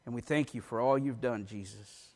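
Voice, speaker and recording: A pastor preaching a sermon in a church, reading scripture aloud with an emphatic delivery. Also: male voice, mid-range voice, normal speed, a little mellow. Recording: long reverb of a large hall.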